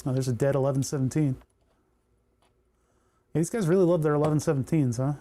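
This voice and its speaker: A man's voice: on the high side, quick pace, mellow. A man chatting casually on a livestream while he solders, thinking aloud and talking to the parts in his hands. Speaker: electronics livestreamer.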